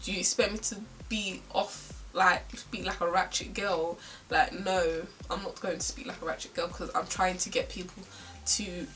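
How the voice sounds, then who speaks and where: A woman's voice: mid-range voice, fairly bright tone, distant mic, low-quality recording. Chatty young South London woman. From South London, England. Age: young adult. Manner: chatty, ranting, slangy, lots of "like" and restarts. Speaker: beauty vlogger. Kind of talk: casual get-ready-with-me chat.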